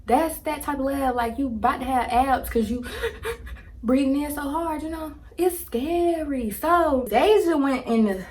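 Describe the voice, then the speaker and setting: Young woman, storytime vlogger, slangy and lively, slightly high voice, phone camera at home. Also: measured pace, few pauses. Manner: animated, slangy, laughs while telling. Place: indoors, home filming with ring light.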